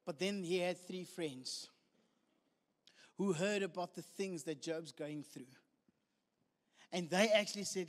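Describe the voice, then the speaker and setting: A man with a South African English accent preaching a sermon, animated, acting out the voices of the people he quotes. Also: high-pitched, a little slow, long pauses. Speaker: pastor. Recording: long hall reverb.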